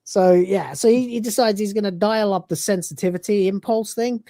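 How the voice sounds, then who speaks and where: A podcast host recounting a TV episode in a relaxed, rambling way, laughing often and swearing freely. The voice has a mellow, darker tone and sits at an ordinary middle pitch. It is recorded close on a microphone in a dry room. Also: normal speed, dry recording. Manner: loose and chatty, swears, laughs a lot. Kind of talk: casual episode review, retelling scenes.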